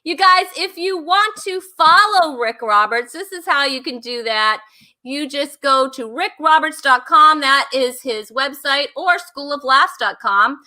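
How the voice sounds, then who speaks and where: This woman's voice sits high and bright as she hosts a comedy chat show. She talks casually, giggles a lot, and keeps things light and bubbly. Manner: giggly and bubbly, laughs often. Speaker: host.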